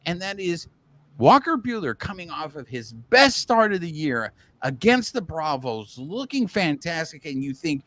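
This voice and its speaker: A man's voice: fairly high pitch, sing-song, unhurried, fairly bright tone, dry recording. A man co-hosting a casual baseball podcast, talking with heated, fired-up opinions. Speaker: podcast co-host. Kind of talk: casual sports chat.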